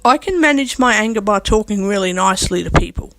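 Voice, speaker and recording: Fast and expressive, a woman with a medium-pitched, fairly bright voice addresses her camera in an unscripted vlog with no room sound. Bluntly and defiantly, she swears and keeps driving home the same points.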